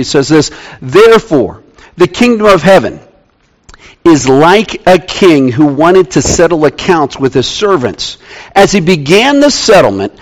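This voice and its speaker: A man preaching a sermon to his congregation, emphatic and repeating key phrases, sometimes dropping to a quiet, slow delivery. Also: a little high. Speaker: pastor. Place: church sanctuary with congregation.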